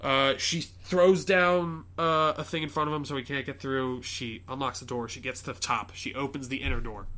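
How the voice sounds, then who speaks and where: A podcast host retells a movie plot in a loose, rambling style, quoting characters and using lots of fillers and profanity. His medium-pitched voice has fairly even intonation, a sharp tone, and normal speed, with a little hiss or hum in the recording.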